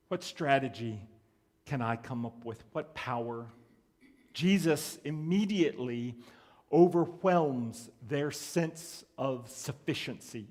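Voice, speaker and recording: Man, pastor, sermon, unhurried delivery, animated. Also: mid-range voice. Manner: animated preaching with rhetorical questions and chuckles.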